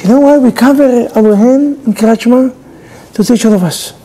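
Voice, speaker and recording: A man's voice: very high-pitched, moderate pace, mellow, a little hiss or hum, poor audio. A male rabbi giving a sermon in non-native English, animatedly telling a story and acting out its dialogue.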